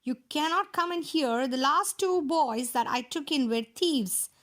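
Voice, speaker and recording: A woman's voice: sits high, unhurried, fairly bright tone. A woman voicing the giant's wife, a stern, wary woman refusing a stranger. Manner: firm, refusing.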